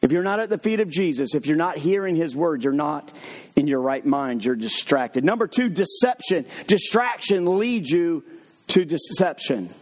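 A man preaching a sermon, mixing funny stories with slow, emphatic points. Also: fairly high pitch. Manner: lively, humorous storytelling with sudden drops to slow emphatic points.

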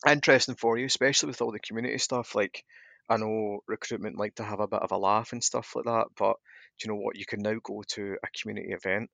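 Fast-talking gravelly bright man. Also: fairly low pitch, fairly even intonation, no echo, muffled recording. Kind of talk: casual chat.

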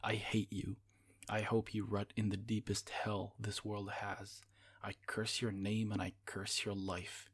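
A man's voice: fairly low pitch, level tone, unhurried, slightly rough. A man voicing a huge, older, bitter male warrior who speaks with hostility. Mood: hateful. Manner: hostile, grumbling.

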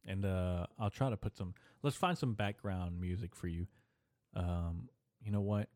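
A young man with a fairly low voice, rambling through a story in loose, profane, laid-back talk. The sound is dry and close, with no room echo, like a solo podcast. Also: measured pace, a little mellow. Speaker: podcast host. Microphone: camera mic.

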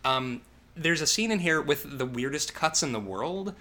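A man's voice, lively and swooping in pitch, bright and forceful in tone, a bit higher than most men. He recaps a horror movie in casual chat, sarcastic and profane, with acted-out asides. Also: moderate pace. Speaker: podcast co-host.

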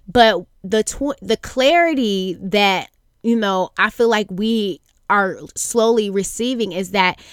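Young woman talking slow on her faith podcast, earnest, lots of um and you know, dry mic. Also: medium pitch, a bit bright, smooth, dry recording. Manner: earnest, halting, many fillers and restarts. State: near tears at times. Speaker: podcast host. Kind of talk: reflective faith podcast monologue.

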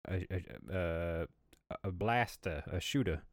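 Deep-voiced joking man. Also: no echo, studio quality. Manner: joking, quick interjections. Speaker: podcast co-host. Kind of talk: casual chat.

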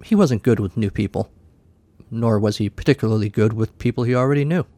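A man's voice: on the low side, a little fast, dark tone, no room sound. A man narrating a comic short story in a wry, dry way.

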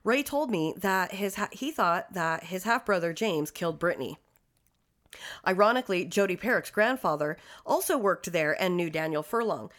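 A woman's voice: on the low side, lively intonation, moderate pace, a bit bright. Casual true-crime podcaster woman, swearing. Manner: reads case details then swears and riffs. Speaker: podcast co-host.

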